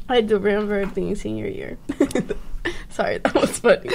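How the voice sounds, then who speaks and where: A woman's voice: medium pitch, takes it slowly, vocal fry, darkish tone, a little hiss or hum. A young woman chatting casually with a friend, laughing often and reacting with short comments. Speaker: co-host. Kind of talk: casual chat.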